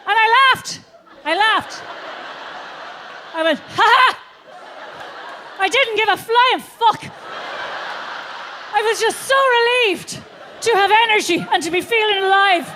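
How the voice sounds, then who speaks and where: A middle-aged Irish woman performing a stand-up comedy routine on stage, an animated storyteller who swears freely. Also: extremely high pitch, a little slow, pauses often, a faint crowd, a little hiss or hum. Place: theatre stage before a live audience.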